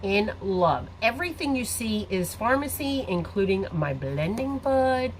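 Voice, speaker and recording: A chatty woman with a lively, slightly high voice hosts a casual live makeup tutorial, rambling and talking to her viewers at a moderate pace. She's at home or in a salon with a ring light, recorded on a phone camera. There's a little hiss or hum.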